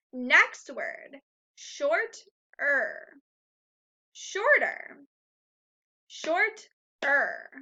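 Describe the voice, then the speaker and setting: A woman teacher leading a phonics lesson for young children, speaking slowly and clearly, repeating each word three times and cheering the class on, on a slightly dull, lo-fi recording. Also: high-pitched, sharp tone. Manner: encouraging, upbeat.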